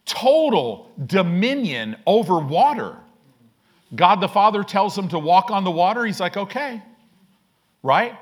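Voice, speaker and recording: A man preaching a sermon with a voice a little higher than most men. He is emphatic and keeps turning to the congregation for agreement. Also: a bit bright. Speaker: pastor.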